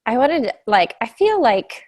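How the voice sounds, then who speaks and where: A woman's voice: a little high, big pitch swings, measured pace, a little mellow. A woman co-hosting a church talk, asking thoughtful questions.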